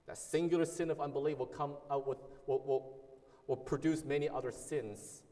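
A man's voice: fairly high pitch, steady tone, moderate pace, warm tone, long reverb tail. A man preaching a sermon as a pastor, earnest and emphatic, repeating key words and sometimes restarting phrases.

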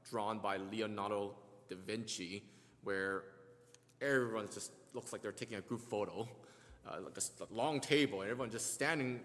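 A man's voice: lowish voice, fairly bright tone. A man preaching a sermon, explaining scripture step by step, often restarting words and acting out the quotes he reads. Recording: long hall reverb.

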